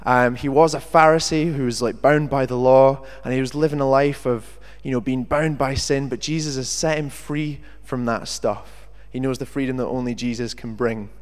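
Young British preacher in an echoing hall. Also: male voice, mid-range voice, normal speed, hardly any pauses. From Britain. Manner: lively, chatty, jokey asides. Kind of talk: sermon with scripture reading. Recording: long hall reverb.

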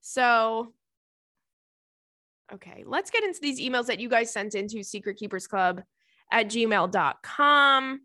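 A woman's voice: fairly high pitch, moderate pace, dry recording, clean studio sound. Chatty laughing woman podcast host. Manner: animated, laughing, quotes friends in voices. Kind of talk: casual storytelling chat.

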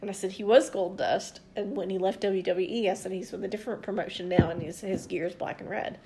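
A woman's voice: medium pitch, steady tone, fast, warm tone. Rambling woman telling a story. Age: 40s. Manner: rambling, loose, swears freely, quotes others in back-and-forth. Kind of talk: casual storytelling chat.

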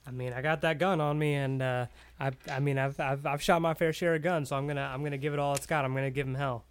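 A man voicing a rough-talking, folksy male pork delivery trucker in a tabletop game, drawling and cussing. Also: medium pitch, steady tone, quick pace, lightly acted. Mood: determined.

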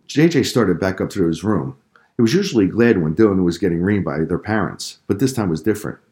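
Deep-voiced male storyteller. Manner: calm, measured storytelling. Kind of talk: children's story narration.

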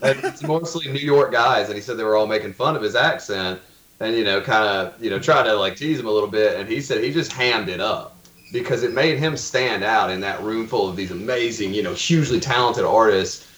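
A Southern-accented man rambles through a casual podcast chat, swearing often and losing his thread. His voice is lowish. The room sounds echoey. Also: a little fast, a bit bright. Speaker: guest.

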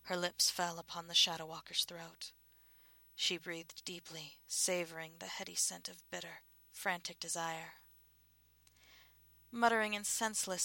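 A woman reading a novel aloud as narrator in a hushed, breathy style that often drops to a half-whisper. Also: fairly low pitch, dry recording. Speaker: audiobook narrator. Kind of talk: scripted narration.

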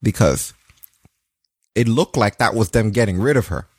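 Talking like a regular co-host, a man recaps last night's wrestling with loose, profane jokes. His fairly low voice is husky and expressive at normal speed, and the sound is dry and close with no surrounding room.

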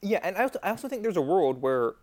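A podcast co-host chats casually about hockey, hesitant and full of restarts, fillers, and "like." The voice is medium-pitched, sing-song, and fast, with a darkish tone.

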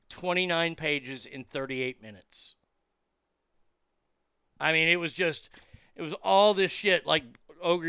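A man telling a profane, animated story in casual chat, with lots of fillers and restarts. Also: fairly high pitch, smooth, dry recording, studio quality. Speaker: comedian and podcast guest.

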